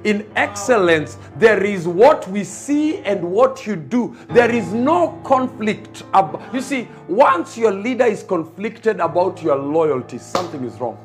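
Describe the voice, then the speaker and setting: A man's voice: sits high, big pitch swings, unhurried, hardly any pauses, music in the background. A man preaching a sermon, emphatic and repetitive, building his points.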